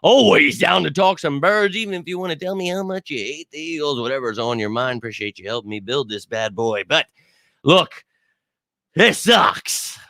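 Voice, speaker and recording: A man's voice: a little high, animated, moderate pace, gravelly, pushed and bright, dry recording, clean studio sound. A man hosting a livestream postgame reaction show, frustrated and swearing as he reads chat comments. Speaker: sports fan show host.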